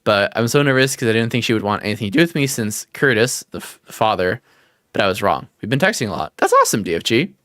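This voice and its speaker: A man's voice: fairly low pitch, expressive, fast talker, a bit bright, no room sound, clean studio sound. A man hosting a livestream, chatting casually, joking and teasing, and reading chat messages aloud. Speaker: livestream host.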